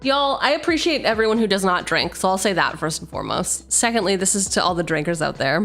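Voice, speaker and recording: A young woman hosts a casual card-opening stream, playful and chatty as she reads card text aloud and banters with chat. Her pitch sits mid-range for a woman, with faint music underneath. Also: animated, a little fast, fairly bright tone.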